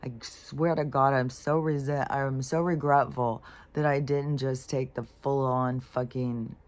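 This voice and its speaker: A woman's voice: rumbling low, little pitch movement, measured pace. Rambling woman venting with heavy swearing. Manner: rambling, swears a lot, many fillers; irritated, frustrated. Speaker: spiritual vlogger. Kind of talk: casual venting monologue.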